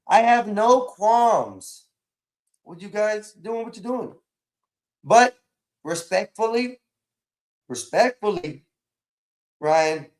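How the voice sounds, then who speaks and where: A man with a high, emphatic voice hosts a casual livestream, speaking. He scolds and lectures his guest in a preachy way and repeats himself for weight. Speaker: livestream host.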